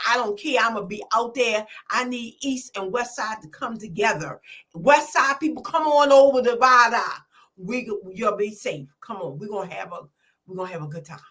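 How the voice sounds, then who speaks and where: An older woman, a comedian guest making lively, emotional thank-yous in casual talk-show chat. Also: mid-range voice. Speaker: comedian and community organizer, guest.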